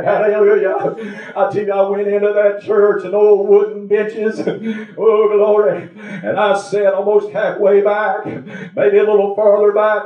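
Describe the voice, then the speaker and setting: A man's voice: high voice, monotone, measured pace, roomy sound, distant mic, muffled recording. An older man, preaching an emotional testimony, fervent, at times tearful and laughing. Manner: fervent, sobbing and laughing through words.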